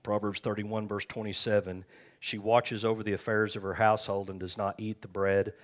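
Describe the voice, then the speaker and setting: In a low, level voice at normal speed, a man preaches as pastor, folksy and full of jokes. He keeps asking the crowd for amens.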